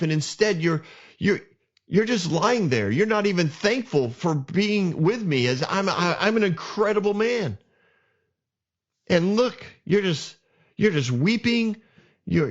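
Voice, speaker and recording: An arrogant, self-pitying young prince who rambles and blames, as a man puts him on. His voice sits a little high, and he talks in a petulant, contemptuous way. The audio is somewhat dull and lo-fi.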